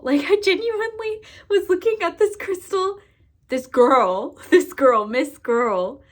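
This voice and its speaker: A woman psychic and energy worker chatting casually to camera, expressive, laughing and swearing freely. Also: fairly high pitch, measured pace. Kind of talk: casual to-camera vlog chat.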